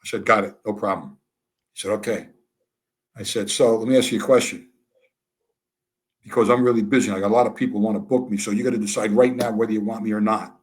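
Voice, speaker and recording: An older American man talks fast in a lowish voice but takes long pauses as he tells candid stories during an interview. Animated and dryly funny, he voices both sides of the exchanges he recounts.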